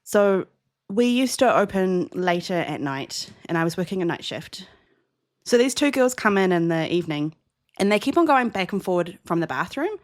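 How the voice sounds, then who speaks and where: A young New Zealand woman with a New Zealand accent co-hosts a podcast, telling a lively story in casual conversation at a normal speed. Her voice jumps higher whenever she acts out dialogue.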